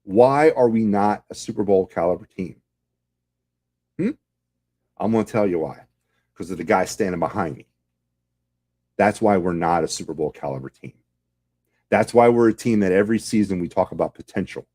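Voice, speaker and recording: A man's voice: deep voice, moderate pace, long pauses, darkish tone. A man hosting a sports podcast, delivering a heated, sarcastic fan rant full of rhetorical questions.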